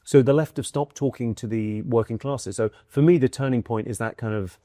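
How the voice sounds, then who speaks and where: A man's voice: medium pitch, fairly quick, mellow, no echo. A man from the United Kingdom, a comedian guest in a casual conversation, musing aloud with dry wit and many restarts. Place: indoor room in London.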